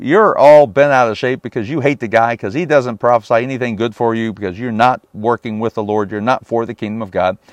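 A man's voice: medium pitch, no echo. A man preaching a sermon on a Bible passage, emphatic and often asking his listeners rhetorical questions.

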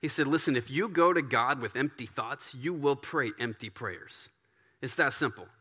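Bright-voiced pastor preaching conversationally. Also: male voice, medium pitch, normal speed. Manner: conversational preaching, acts out prayers in a softer voice. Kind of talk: sermon.

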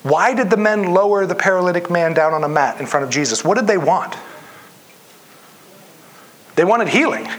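A man's voice: high voice, fairly bright tone. A man preaching a sermon in an earnest way, reading scripture aloud and acting out the voices of people in the story. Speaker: pastor.

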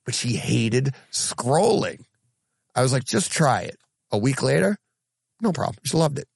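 Gravelly, animated home theater podcast host. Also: male voice, mid-range voice, normal speed, no room sound. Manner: animated storyteller, lively when telling anecdotes. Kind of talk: casual chat.

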